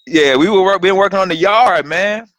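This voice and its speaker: Animated profane man telling a story. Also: high voice, moderate pace, poor audio. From Florida. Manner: animated, profane, acts out voices. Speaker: guest comedian. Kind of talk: casual storytelling chat.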